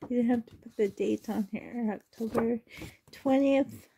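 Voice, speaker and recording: A woman's voice: on the high side, measured pace, creaky, mellow, a little hiss or hum. A woman doll collector in a casual unboxing vlog, gushing and emotional, often laughing and sighing, talking on the floor at home.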